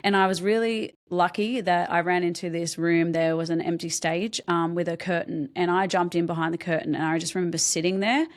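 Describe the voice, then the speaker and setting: Candid woman, lower voice. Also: steady tone. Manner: candid, halting, many ums and restarts. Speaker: podcast guest. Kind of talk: personal story told in an interview.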